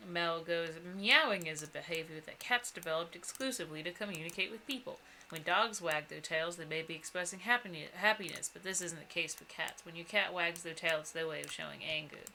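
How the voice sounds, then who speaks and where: A woman's voice: lowish voice, a little fast, few pauses, sharp tone, slight background noise. A woman co-hosting a casual gaming stream, reading viewer comments aloud and swearing casually. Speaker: co-host reading chat. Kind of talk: casual chat while gaming.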